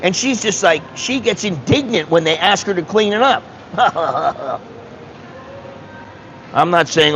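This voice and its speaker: An American man talks in a casual vlog, telling stories in a blunt, animated way and swearing freely. His voice sits a little high for a man. A faint hiss of background noise runs under it. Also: rough recording. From United States. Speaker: vlogger. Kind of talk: casual vlog chat, reading viewer comments.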